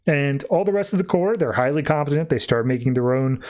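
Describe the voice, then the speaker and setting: A man's voice: fairly high pitch, expressive, fairly quick, darkish tone. A man hosting a podcast, loosely retelling a comic plot with plenty of fillers. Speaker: podcast host. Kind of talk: casual comic recap.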